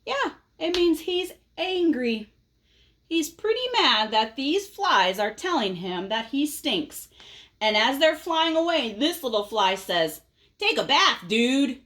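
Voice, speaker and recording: A woman reads a picture book aloud to young children, stopping often to ask them questions. Her voice sits fairly high and swoops expressively. She keeps an unhurried, gentle, teacherly pace. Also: very animated. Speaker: storyteller reading to children.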